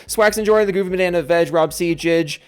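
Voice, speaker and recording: A young man hosting a casual solo gaming vlog, ranting with heat, swearing freely, then reading out member shoutouts. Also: high voice, brisk, smooth. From Seattle area, USA. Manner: animated, swinging between heated yelling and tired mumbling. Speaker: gaming commentary host.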